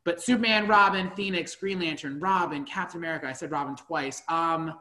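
A man in his late twenties, an outgoing cosplayer chatting excitedly as a guest in an interview. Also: on the high side, fairly quick. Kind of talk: casual interview chat. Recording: echoey room.

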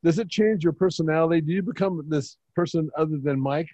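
A man's voice: on the high side, a little fast, dark tone, dry recording, low-quality recording. A man hosting an interview, asking questions in a conversational, encouraging manner. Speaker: host, interviewer. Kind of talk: casual interview chat.

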